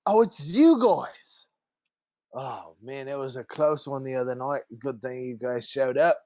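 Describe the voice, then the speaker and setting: A man's voice: medium pitch, unhurried, a little mellow, dry recording, natural voice. A man voicing a crude, swearing man who is not alive, in a tabletop game, speaking brusquely.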